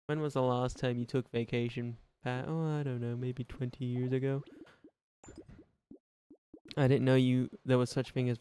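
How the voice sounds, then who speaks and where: A young gaming streamer chats with viewers and reads their comments during a casual live stream, rambling, self-mocking and laughing a lot, and acting out both sides of imagined conversations. His voice is medium-pitched, level and warm, at normal speed with long pauses, and there's a little hiss or hum.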